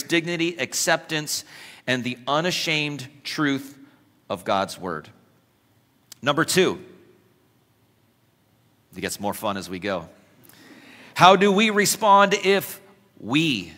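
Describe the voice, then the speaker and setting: A man's voice: fairly high pitch, expressive, slow, pauses often, bright, forceful tone. A man preaching a sermon as pastor, joking with the congregation and acting out quoted voices. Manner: acts out quoted voices with humorous asides. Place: church. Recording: long church hall reverb.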